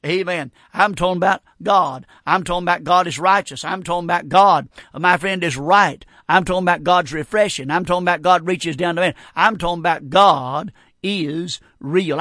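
A man's voice: high voice, fairly bright tone, no echo, clean studio sound. An older man preaching a sermon, emphatic and repetitive, often stumbling over restarts.

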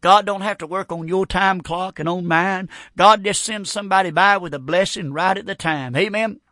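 A man's voice: high voice, moderate pace, pushed and bright, no echo, studio quality. An older man preaching a sermon, emphatic and repetitive, often stumbling over restarts.

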